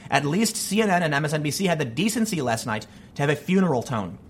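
A man's voice: a little high, sing-song, fast, slight background noise. A man delivering an opinion monologue on politics, emphatic and argumentative. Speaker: political commentator.

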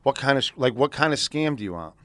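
A man's voice: medium pitch, animated, fast, a bit bright. A middle-aged man telling profane, streetwise stories in a casual podcast chat. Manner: profane, streetwise storyteller who acts out other people's voices. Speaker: podcast co-host.

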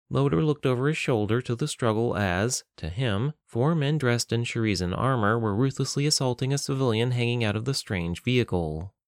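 A man narrating a novel in a measured, even storytelling voice on a close mic. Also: mid-range voice, dry recording. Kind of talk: scripted audiobook narration.

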